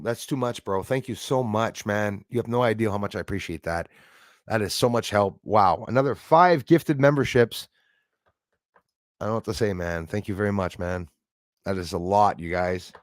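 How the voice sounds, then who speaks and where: A middle-aged man hosting a casual live stream, excitable, thanking viewers by name and swearing when angry. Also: lowish voice, no room sound, clean studio sound.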